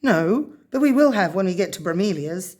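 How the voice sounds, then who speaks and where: A woman's voice: on the low side, lively intonation, moderate pace, darkish tone. A woman voicing a confident, bossy young girl who talks in a sure, matter-of-fact way, in a storybook reading.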